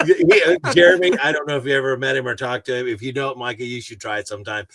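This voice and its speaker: A man's voice: medium pitch, fairly even intonation, quick pace, a bit bright, no echo. A man hosting a podcast who chats casually and tells teasing anecdotes. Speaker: podcast host. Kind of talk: casual podcast chat, storytelling.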